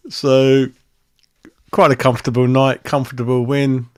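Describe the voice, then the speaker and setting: A man's voice: mid-range voice, level tone, a little slow, smooth. A man hosting a casual live-stream football match review, blunt and laughing, swearing and calling everyone mate. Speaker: football fan channel host. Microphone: desk microphone.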